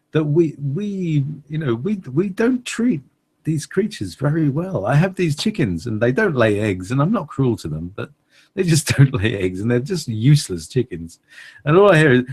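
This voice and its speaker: A man's voice: mid-range voice, breathy edge. A man, co-hosting a radio chat. He rambles playfully, with many fillers and laughs. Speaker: co-host.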